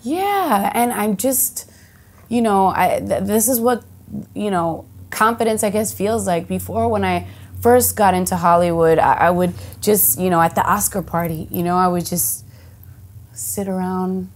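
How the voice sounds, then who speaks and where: An actress from the United States of Dominican heritage, chatting casually in an interview, full of fillers and restarts and lively quoted voices. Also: female voice, mid-range voice, measured pace. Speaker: actress and singer, guest.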